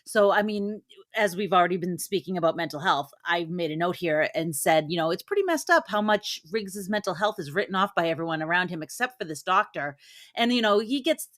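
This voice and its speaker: A woman co-hosting a movie review podcast, giving a steady plot recap and then commenting casually. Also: lowish voice, fairly quick, no echo, studio quality. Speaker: podcast co-host.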